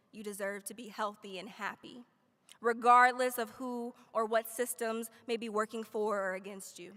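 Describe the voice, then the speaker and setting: A woman's voice: fairly high pitch, a bit bright. A woman giving a motivational commencement speech, leading the graduates in call-and-response affirmations and mixing in playful, casual asides to the crowd. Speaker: commencement speaker. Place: large graduation ceremony hall. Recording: long reverb of a large hall.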